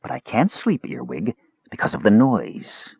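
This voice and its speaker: A man voicing a frail, weary young mage who speaks softly and tersely. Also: wildly swooping pitch, unhurried, vocal fry, slightly rough, no room sound, lo-fi sound, exaggerated voice. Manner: soft, low, tired delivery.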